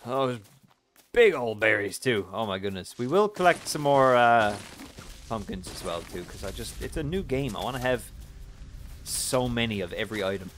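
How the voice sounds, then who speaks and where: A man hosting a gaming video, giving playful, self-mocking let's-play commentary that breaks into loud excited yelps. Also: mid-range voice, normal speed, a little hiss or hum. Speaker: gaming channel host.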